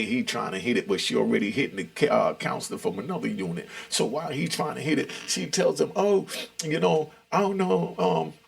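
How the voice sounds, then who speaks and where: A man's voice: on the low side, gravelly. A middle-aged man telling a story in a laid-back, streetwise way, full of slang and asides. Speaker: storyteller recounting prison life. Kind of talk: casual storytelling.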